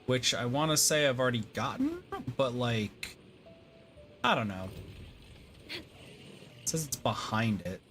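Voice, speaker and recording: A man's voice: mid-range voice, wildly swooping pitch, slow pace, pauses often, fairly bright tone, soft background music. A man streaming a game, giving casual, rambling, self-deprecating commentary with lots of fillers.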